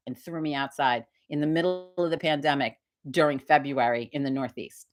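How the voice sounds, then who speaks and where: A woman's voice: low voice, fairly even intonation, a little fast, music in the background. A woman hosting a casual live stream, telling a story bluntly and animatedly with a lot of swearing. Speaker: livestream host.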